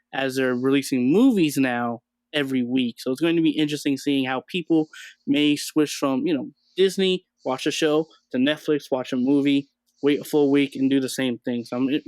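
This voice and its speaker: A channel host with a mid-range, darkish voice is heard in a dry recording. He leads a casual pop-culture chat about a streaming show, easygoing and thinking aloud with plenty of fillers.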